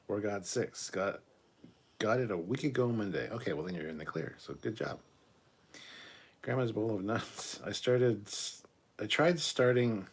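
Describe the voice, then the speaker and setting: A man's voice: lowish voice, breathy edge. A man in his thirties from Canada, casually hosting a live stream, reading viewer comments aloud and reacting with laughs and swearing. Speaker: livestream host reading chat.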